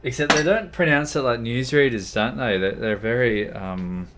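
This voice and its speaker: A man's voice: mid-range voice, moderate pace, noisy background. A man chatting casually on a gaming livestream, rambling and easily distracted. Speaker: streamer.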